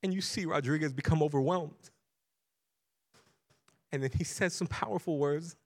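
A man's voice: fairly high pitch, moderate pace, a little mellow. A male pastor giving a sermon, retelling a story earnestly and building in intensity, with repeated phrases.

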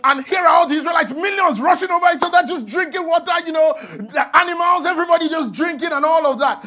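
A high-voiced man delivers a sermon as a pastor. He tells his points as playful stories, slipping into acted-out quotes and laughing along with them. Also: fast, few pauses, bright, forceful tone.

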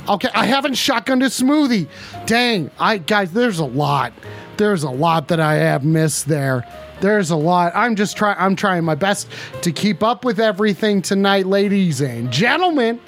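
A man hosting a mock call-in show on his stream, talking in excitable, profane, flustered outbursts. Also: sits high. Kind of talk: comedic live-stream banter.

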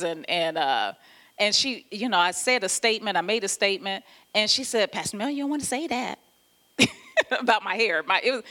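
A woman pastor giving an animated, conversational sermon, often laughing as she talks. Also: mid-range voice.

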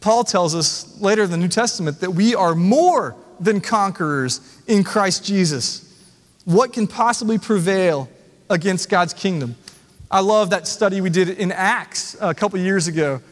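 A man's voice: high voice, a bit bright, long reverb tail. A man preaching a sermon as the pastor, earnest and conversational, asking the congregation rhetorical questions. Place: church sanctuary.

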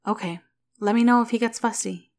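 A friendly, upbeat nurse who talks in a brisk, helpful way, as a woman reading the story puts her on. The voice is lifted a touch above the narration, bright with cheer. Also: on the high side, steady tone, voice pushed up, lightly acted. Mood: cheerful.

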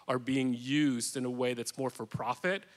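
A man's voice: mid-range voice, steady tone, moderate pace. A man who coaches executives, speaking earnestly and emphatically in a panel discussion.

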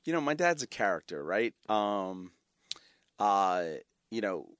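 A man, telling personal stories as a podcast guest, animated and full of fillers and restarts. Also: lowish voice, a little slow, no room sound. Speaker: guest, media company founder. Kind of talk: casual interview storytelling.

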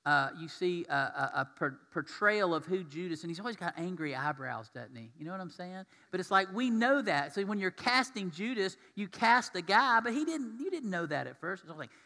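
A man's voice: high voice, very animated, moderate pace, hardly any pauses, sharp tone. A man preaching a sermon as pastor, talking conversationally and putting questions to his congregation. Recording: long reverb of a large hall.

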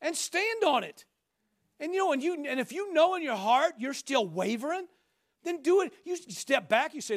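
High-voiced man preaching a fiery sermon. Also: big pitch swings, normal speed. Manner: emphatic, rising to shouts, repeats rhetorical questions. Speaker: pastor.

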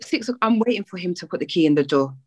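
A woman's voice: fairly low pitch, animated, fast talker, mellow, breathy edge. A woman in her thirties, a mother, co-hosting a podcast and chatting in a thoughtful, rambling way. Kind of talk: casual chat.

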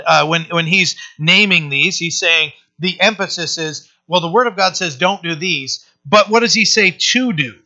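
A male pastor preaching a conversational sermon, often pausing with fillers and restarting his sentences. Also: a little high, pushed and bright, highs cut off.

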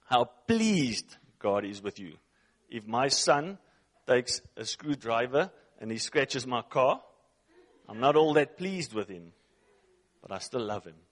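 A man whose first language isn't English preaches a sermon, reading scripture aloud. He speaks emphatically and slowly in a very animated mid-range voice, repeating phrases and asking his listeners questions.

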